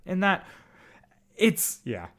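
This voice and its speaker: A man co-hosting a podcast, chatting casually about an audio drama in an animated, rambling way full of restarts. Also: high voice, takes it slowly. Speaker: podcast co-host.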